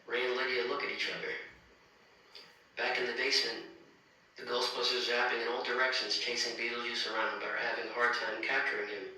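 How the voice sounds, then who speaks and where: A man's voice: mid-range voice, pushed and bright, recorded from a distance. Man reading a story in an echoey room. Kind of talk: reading fan fiction aloud.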